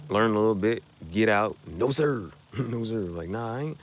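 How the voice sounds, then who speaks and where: A man's voice: on the low side, normal speed, a little hiss or hum. A man chatting casually on a livestream about his shirt designs, rambling and slangy, jumping between topics. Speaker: streamer designing merch shirts.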